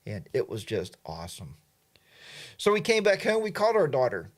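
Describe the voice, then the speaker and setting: A man's voice: medium pitch, huge pitch swings, moderate pace. A middle-aged man hosting a livestream, telling a rambling story and reading out chat comments, with lots of fillers and asides. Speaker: livestream host.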